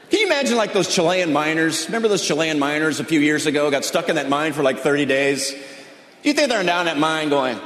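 A man's voice: on the high side, animated, a little fast, noisy background. A male comedian doing stand-up, chatting with the audience in a conversational, questioning way. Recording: roomy stage with crowd ambience.

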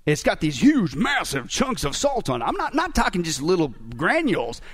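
A man's voice: high-pitched, wildly swooping pitch, normal speed, fairly bright tone, slightly rough. A male pastor preaching a sermon, joking and asking the congregation rhetorical questions.

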